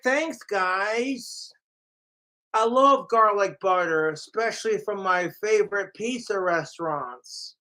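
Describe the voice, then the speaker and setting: A man's voice: high-pitched, fairly bright tone, low-quality recording. A man ranting casually to camera, profane and mocking about his trolls. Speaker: vlogger.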